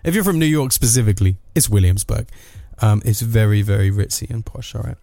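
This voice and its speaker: A man rants through a comic monologue in a low, gravelly voice. His tone is dark and mellow, with sardonic asides, and the sound is dry and close. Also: a little fast, no echo. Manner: sardonic, rambling rant with asides.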